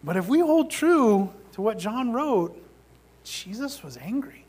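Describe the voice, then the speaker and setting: A male pastor preaching a sermon, shifting between animated emphasis and quiet, almost whispered passages. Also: very high-pitched, a little slow, husky. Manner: dynamic preaching, drops to near-whisper for emphasis.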